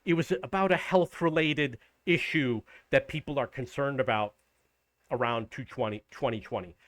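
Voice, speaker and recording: A man's voice: medium pitch, normal speed, a bit bright, no room sound. Indignant man in his fifties, dry sound. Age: 50s. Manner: indignant, exasperated, quotes others in raised voice. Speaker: vlogger. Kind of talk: casual ranting monologue.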